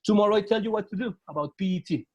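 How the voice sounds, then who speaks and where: A man's voice: high voice, rapid-fire, muffled recording. A man who speaks English with a Spanish accent, teaching an online class over a video call. He talks patiently, repeats words and gives step-by-step instructions. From Latin America.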